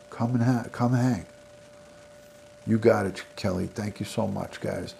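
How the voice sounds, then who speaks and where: A middle-aged man with a New York accent talks loosely to his livestream viewers, his low voice rough with gravel. He rambles from one thank-you and shout-out to the next in an easygoing way. A faint hiss sits under the recording. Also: steady tone, normal speed. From American South. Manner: rambling, friendly shout-outs to chat viewers. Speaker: livestream host. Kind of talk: casual livestream sign-off chat.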